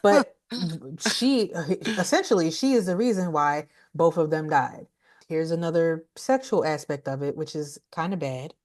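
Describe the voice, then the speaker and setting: A woman co-hosting a podcast, recapping a horror movie in an animated, blunt and laughing way. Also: low voice, moderate pace. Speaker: podcast co-host, movie reviewer.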